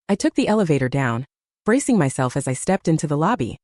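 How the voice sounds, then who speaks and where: A young adult woman reading a first-person family drama story as narrator, with a lively, expressive delivery. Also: low-pitched, fast, dry recording, clean studio sound.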